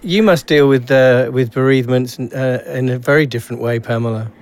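Gentle host asking interview questions. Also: medium pitch, fairly quick. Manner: gentle, laughing easily.

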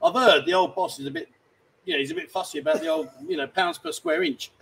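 A man's voice: very high-pitched, huge pitch swings, fast talker, creaky, fairly bright tone, slight background noise, poor audio. A man hosting a livestream from a bar, chatting casually, teasing and rambling. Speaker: livestream host. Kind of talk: casual banter. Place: bar, indoors.

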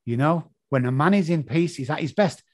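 A man's voice: on the high side, fairly quick, darkish tone. A man with an English accent giving an emphatic motivational talk, repeating key phrases and swearing freely. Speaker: motivational speaker.

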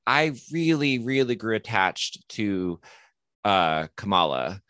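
A man co-hosting a podcast in casual chat, relaxed and halting, often restarting his sentences. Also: lowish voice, no room sound. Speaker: podcast co-host.

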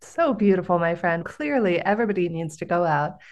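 A woman hosting a podcast interview, reacting with warm enthusiasm. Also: fairly low pitch, expressive, brisk. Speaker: podcast host. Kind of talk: casual interview.

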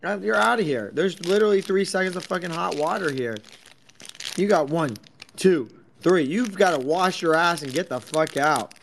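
A young man with a gravelly edge on a fairly high voice rants in loud, sarcastic, profane bursts. He jumps from topic to topic in casual, rambling banter. Faint background noise sits under his voice. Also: animated, normal speed. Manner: loud, swearing, jumpy and sarcastic. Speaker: crypto space host. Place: office at night.

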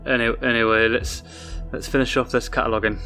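A man's voice: mid-range voice, little pitch movement, brisk, sharp tone, faint music behind. A man playing a tabletop role-playing game, chatting casually and often correcting himself. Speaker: player.

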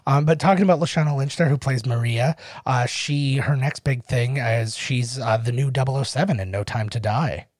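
A man's voice: mid-range voice, moderate pace, few pauses, a little mellow, dry recording, studio quality. A young adult man co-hosting a casual movie commentary podcast, chatty and telling stories. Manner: chatty storyteller, reads out figures and texts. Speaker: podcast co-host.

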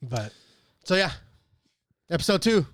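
A man's voice: a little high, sing-song, measured pace, fairly bright tone, dry recording, clean studio sound. A man co-hosting a podcast, telling stories in a casual, profane, earnest way. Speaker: podcast co-host. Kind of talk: casual chat.

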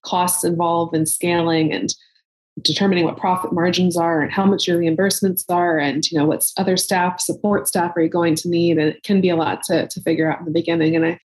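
Flat-voiced woman explaining plainly. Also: on the low side, fairly quick, low-quality recording. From Maryland, US. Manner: matter-of-fact, explanatory. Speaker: guest, psychologist and practice owner. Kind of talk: podcast interview.

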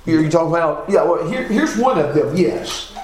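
Man teaching bible class, higher voice, talks slow, echoey room. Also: expressive, darkish tone. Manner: reads scripture aloud, asks class questions, self-corrects. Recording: echoey room, faint background noise.

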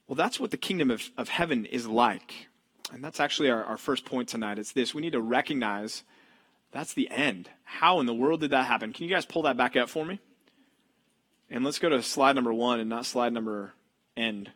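A young adult male pastor preaching a sermon in a church, telling stories in an animated way and acting out the lines of the people in them. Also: a little high, normal speed, breathy edge. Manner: animated storytelling, acts out characters' lines.

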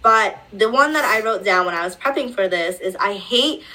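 A woman's voice: mid-range voice, animated, moderate pace, bright, forceful tone, rough recording. A woman guest on a podcast, chatting in a laid-back, self-deprecating way. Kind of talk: casual chat.

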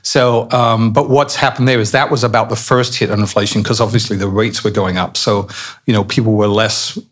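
A man from England with an English accent, a podcast guest answering questions in a relaxed, rambling way. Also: fairly low pitch, fairly quick, husky. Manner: relaxed, rambling with restarts and "you know". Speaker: podcast guest, company executive. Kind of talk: casual interview talk.

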